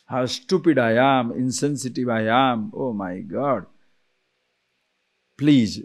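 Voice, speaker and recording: A man, a spiritual teacher giving an animated lecture on scripture, full of rhetorical questions and chuckles. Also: medium pitch, takes it slowly.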